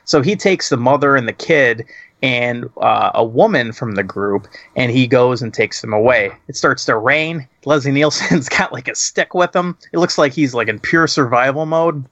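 A man's voice: mid-range voice, normal speed, fairly bright tone, no room sound, highs cut off. A man co-hosting a casual chat, laughing and swearing as he retells a movie's scenes. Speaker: podcast co-host.

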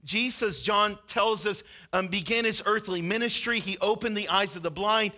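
A man's voice: high voice, normal speed, bright, forceful tone. A man preaching a sermon as a pastor, telling a story with earnest intensity and acting out the quoted lines.

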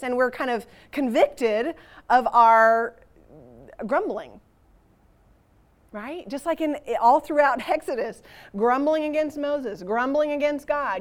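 Animated woman teaching scripture. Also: a little high, unhurried. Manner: animated and relatable, with rhetorical questions. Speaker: Bible teacher. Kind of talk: conversational Bible teaching to a church group.

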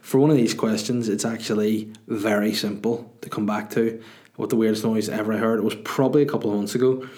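A low-pitched man hosting a podcast in casual chat. He rambles through listener questions with crude, self-mocking humour, his pace loose and easy. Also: steady tone, brisk, darkish tone. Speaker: podcast host and comedian.

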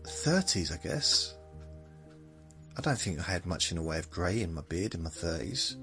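A man in his seventies hosting a podcast, rambling in a meandering, self-mocking way, with drawn-out phrases. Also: low voice, big pitch swings, music in the background. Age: 70s. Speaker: podcast host. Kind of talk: rambling bedtime monologue.

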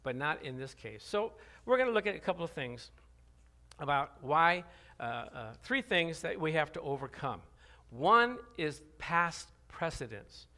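A man preaching a sermon. He talks animatedly, drops his voice low for scripture, rises to loud cries, and calls out questions to the congregation. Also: big pitch swings, unhurried. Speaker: pastor.

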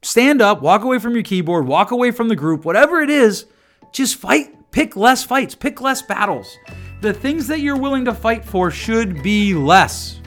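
A man's voice: sits high, animated, moderate pace, a bit bright, faint music behind. A man hosting his own podcast, talking through advice in a loose monologue, often repeating and restarting words, with a dry sense of humor. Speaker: podcast host.

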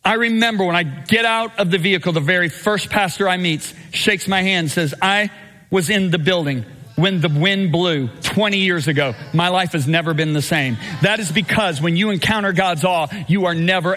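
A middle-aged man preaching a sermon live in a church, telling a story with lively quoted voices. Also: high-pitched, moderate pace. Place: church sanctuary. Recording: live church recording with long reverb.

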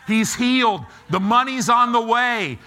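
A middle-aged man preaching a sermon, animated and acting out quick asides as he talks. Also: very high voice. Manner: animated, acts out God and people in quick asides.

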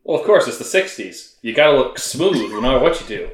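A man's voice: medium pitch, big pitch swings, brisk. A laid-back man chatting and riffing on a movie with friends. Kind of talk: casual riffing banter. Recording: roomy echo.

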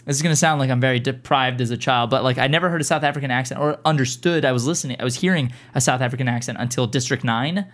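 A young man in his twenties, co-hosting a casual group chat, rambling and animated, often laughing. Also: mid-range voice, racing, few pauses.

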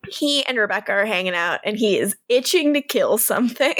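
A young woman co-hosting a podcast, recapping a show in casual chat, animated and laughing as she quotes characters. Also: medium pitch, brisk, dry recording, studio quality. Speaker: podcast co-host.

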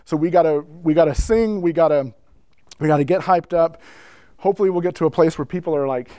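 A man's voice: fairly high pitch, fairly quick, clear, resonant tone, no room sound. A man from North America giving a casual talk on the history of church worship, acting out quotes and laughing as he tells stories. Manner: animated, acts out quotes, laughs while telling stories. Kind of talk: casual storytelling lecture.

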